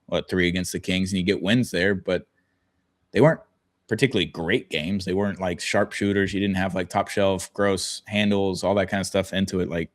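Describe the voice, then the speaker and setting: A man's voice: sits low, steady tone, a little fast. A young man co-hosting a sports podcast, rambling and joking with casual swearing. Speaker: podcast co-host.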